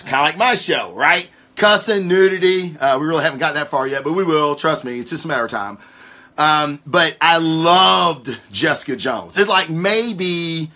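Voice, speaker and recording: Profane, excitable podcast host man. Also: fairly high pitch. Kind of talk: casual comic-book news rant. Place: home recording spot.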